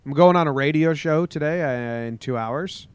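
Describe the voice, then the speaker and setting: A man's voice: a little high, normal speed, smooth. A man co-hosts a podcast. His talk is loose and joking, and he swears casually as he runs through strange headlines. The sound is close and dry, with no room echo. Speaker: podcast co-host. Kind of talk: casual podcast chat and news rundown.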